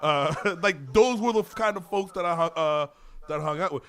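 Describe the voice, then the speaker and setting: A man co-hosting a podcast in casual chat, animated, laughing often and swearing. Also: fairly high pitch, normal speed. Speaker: podcast co-host.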